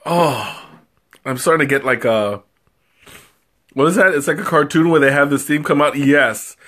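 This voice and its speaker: A man with a slightly high, fairly bright voice tastes tea on a live stream, rambling casually at a moderate pace. He giggles a lot, pokes fun at himself and has a runny nose from the spicy tea.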